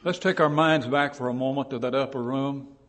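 A man preaching a sermon in a church, telling stories with dramatic build and shouting out quoted lines. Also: medium pitch, steady tone, fairly quick, in a large hall.

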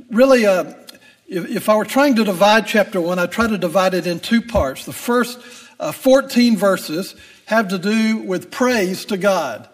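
A man's voice: high-pitched, long reverb tail. An older man with grandchildren, preaching a sermon in a folksy, conversational way with frequent fillers and restarts.

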